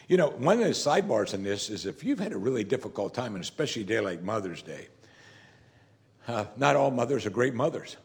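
A pastor preaches to his congregation in an easy, conversational style, firing off rhetorical questions and slipping into character when quoting scripture. His mid-range voice is brisk with big swings in pitch.

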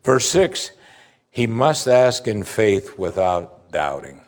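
A man preaching a sermon as pastor, animated, acting out the voices he quotes. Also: on the low side, slow pace. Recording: hall reverb.

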